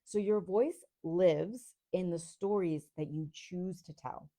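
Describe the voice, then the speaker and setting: An American woman from Rhode Island, hosting a coaching podcast and teaching in a slow, deliberate, articulate way. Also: on the low side, warm tone. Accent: neutral American, Rhode Island traces on a few words. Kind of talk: teaching monologue.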